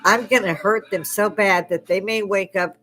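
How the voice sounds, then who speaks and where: A woman's voice: mid-range voice, fairly even intonation, normal speed, sharp tone, faint music behind. An older woman delivering an angry, profane political rant, sarcastic and scornful, with bursts of mocking laughter. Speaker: livestream host.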